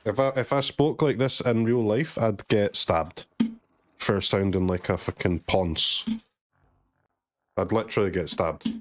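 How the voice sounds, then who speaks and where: A man's voice: on the low side, measured pace. A man from Glasgow streaming a card game and chatting sarcastically, joking and swearing freely in a neutral streamer voice. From Scotland, Glasgow. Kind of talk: casual commentary while gaming.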